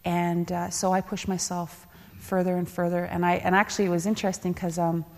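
A woman tells a personal story on a panel in a candid, animated way. Her voice sits a little low. The sound carries a long reverb from a large hall. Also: fairly quick. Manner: candid, laughing, acts out quoted voices. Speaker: panelist, former elite athlete.

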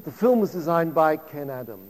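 A man in his fifties delivering a public lecture, his fairly high voice ringing out with a long reverb through the hall. He spins anecdotes in a chatty, conversational way, with frequent asides to the audience. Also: animated, a little fast, darkish tone.

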